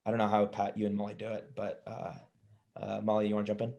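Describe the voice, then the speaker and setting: A man's voice: fairly low pitch, monotone, fast, vocal fry, dark tone, muffled recording. A man on a webinar panel, a sales leader speaking energetically with rhetorical questions over a video call.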